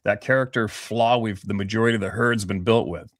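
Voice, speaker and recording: Interview guest, male, 50s, from Vancouver Island; blunt and profane, animated storyteller, dry sound. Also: lowish voice, a little fast, no room sound. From Vancouver Island, Canada.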